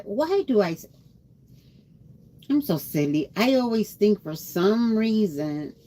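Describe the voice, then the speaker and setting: A tired woman livestreamer chatting casually and rambling, greeting her viewers by name. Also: deep voice. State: tired after a long day.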